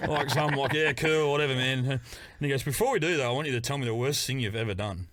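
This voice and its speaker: A man's voice: mid-range voice, fast talker, a bit bright, a little hiss or hum. A man with a New Zealand accent telling a rambling, profane story on a podcast, laughing as he goes. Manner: storytelling, swearing, laughing often. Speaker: podcast guest. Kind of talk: casual podcast chat.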